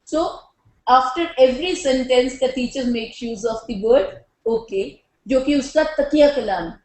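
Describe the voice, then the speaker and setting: A woman with an Indian English accent giving a lecture on classroom communication, speaking slowly and deliberately and slipping Hindi phrases into her English. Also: high voice, a little mellow, reverberant, poor audio. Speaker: teacher trainer.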